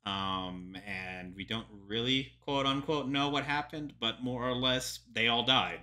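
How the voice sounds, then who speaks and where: A man's voice: mid-range voice, measured pace, sharp tone. A young man, a historian, reacting to a history video in casual chatty commentary with lots of ums and joking asides.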